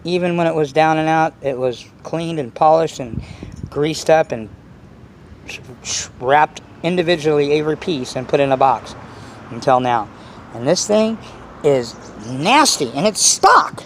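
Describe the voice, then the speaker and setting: Excitable man with a bouncy pitch. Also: a little slow, a little hiss or hum. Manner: boastful, excitable, rambling with many restarts. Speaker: RC nitro hobbyist vlogger. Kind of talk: casual rambling talk to camera.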